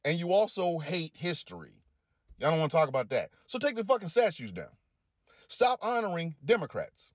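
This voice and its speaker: A man delivering a heated commentary rant, swearing heavily and pushing his voice up into loud peaks. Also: a little high, sing-song, moderate pace, dry recording, studio quality. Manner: heated, heavy swearing, rising into shouty peaks. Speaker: commentator reacting to clips. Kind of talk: profane rant.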